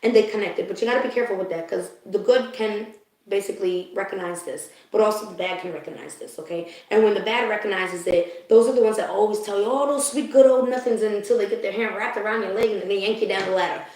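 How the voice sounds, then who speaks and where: A woman's voice: medium pitch, quick pace, a little mellow. A woman giving a live spiritual card reading to her viewers. She talks emotionally and confidingly, laughs often, and keeps checking in with the listener. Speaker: spiritual reader. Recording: very echoey room.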